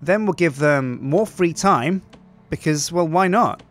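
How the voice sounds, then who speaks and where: A man's voice: a little high, animated, measured pace. A man hosting game commentary, chatty and upbeat, thinking aloud as he plays. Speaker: host.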